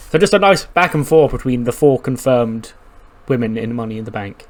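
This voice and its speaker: Brief: casual male game commentator, animated and profane, middle pitch. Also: a little fast, hardly any pauses. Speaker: gaming commentator. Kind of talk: casual let's-play commentary.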